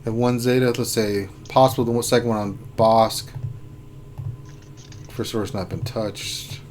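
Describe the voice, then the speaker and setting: A man's voice: on the low side, fairly even intonation, a little slow, a little mellow, a little hiss or hum. A man hosting a casual gaming live stream, joking, laughing often and thinking aloud. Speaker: gaming channel host. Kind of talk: casual live-stream chat reviewing game rosters.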